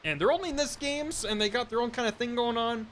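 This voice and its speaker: A streamer puts on a nerdy male hand puppet, pitched up high and full of ums and restarts as he muses through a theory. A faint hiss sits under the voice. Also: fast, fairly bright tone. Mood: musing. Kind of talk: casual game stream banter.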